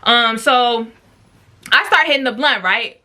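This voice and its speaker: A woman's voice: on the high side, measured pace, pushed and bright. A young woman telling a storytime vlog in a chatty, slangy way, full of fillers and talking straight to her viewers. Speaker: storytime vlogger.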